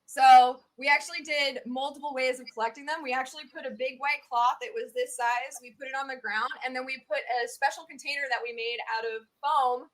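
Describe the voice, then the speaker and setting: High-voiced Southern US woman, chatty. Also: brisk, few pauses. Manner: chatty and animated, many fillers. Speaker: tick expert guest. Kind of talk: casual interview chat.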